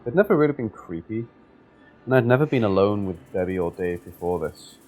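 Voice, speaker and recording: Low-voiced man narrating scary stories. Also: lively intonation, fairly quick, a little mellow. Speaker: story narrator.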